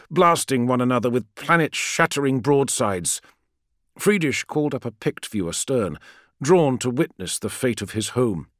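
A man reading a science-fiction audiobook as narrator, with measured, expressive storytelling. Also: mid-range voice, no room sound, clean studio sound.

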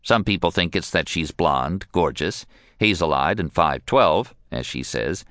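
A man's voice: deep voice, expressive, a little slow, a bit bright, no room sound, studio quality. A man narrating a first-person memoir in a wry, joking storytelling manner. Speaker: audiobook narrator.

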